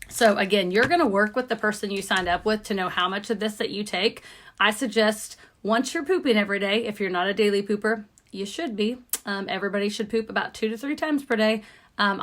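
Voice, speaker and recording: A woman's voice: medium pitch, fairly bright tone. A woman in her thirties, a nurse practitioner, giving viewers an upbeat, emphatic, chatty rundown of supplements. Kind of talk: casual product rundown to viewers.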